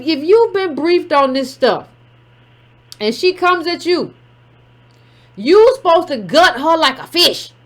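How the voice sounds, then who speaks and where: A woman hosting a call-in show, giving sassy, emphatic commentary and taking callers. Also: very high voice.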